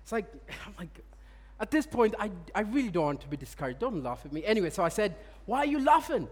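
A man with a strikingly high voice delivers a storytelling sermon, chuckling often and stumbling over repeated words. His voice rings out with a long reverb, as if filling a large church hall. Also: animated, fast talker. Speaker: preacher. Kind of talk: sermon with personal stories.

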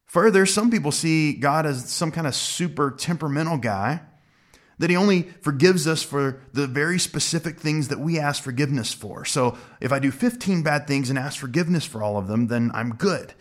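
A man's voice: on the high side, expressive. Earnest man preaching a sermon. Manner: earnest, emphatic, slows down on key words. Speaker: pastor.

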